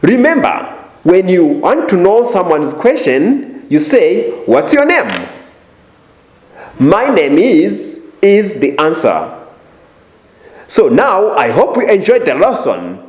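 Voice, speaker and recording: Slow, singsong teacher with a lively voice. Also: male voice, sits high. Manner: exaggerated rising intonation on example phrases. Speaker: English teacher. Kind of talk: slow, deliberate language lesson. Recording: roomy echo.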